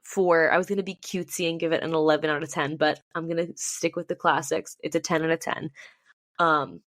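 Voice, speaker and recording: A woman's voice: deep voice, fairly even intonation, brisk, fairly bright tone, no echo, clean studio sound. A young woman co-hosting a podcast, chatting enthusiastically with plenty of ums and likes. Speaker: podcast co-host. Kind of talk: casual chat.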